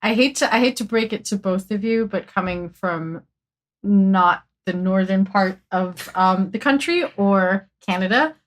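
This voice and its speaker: A woman's voice: medium pitch, a little slow. A woman guest on a casual podcast, a content marketer who talks in a bubbly way and laughs easily.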